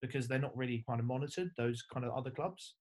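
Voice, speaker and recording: A man's voice: mid-range voice, quick pace. A young man from England, a former rugby player, chatting casually as a podcast guest, full of fillers and swearing. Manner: laid-back, storytelling with lots of fillers and swearing. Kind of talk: casual chat.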